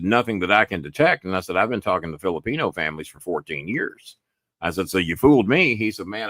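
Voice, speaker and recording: A man hosts his own show and rambles through a story, full of "I said" asides and casual swearing. His voice sits low. The sound is dry and close, with no room around it. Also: a bit bright, no room sound. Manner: rambling, retells calls with many "I said" asides; frequent swearing. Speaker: podcast host.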